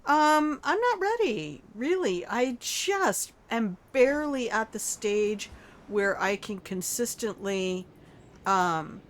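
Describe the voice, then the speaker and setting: A woman's voice: medium pitch, a little hiss or hum. Playful older woman streaming a game. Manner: playful, chatty, self-mocking trash talk; talks to chat and the game character. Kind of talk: casual live-stream gameplay commentary.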